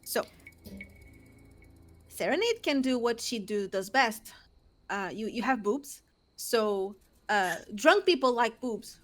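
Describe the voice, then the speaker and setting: Give me a slow-speaking woman playing a tabletop character. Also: a little high, expressive. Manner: hesitant, casual questioning. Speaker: player. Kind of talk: in-character tabletop role-play.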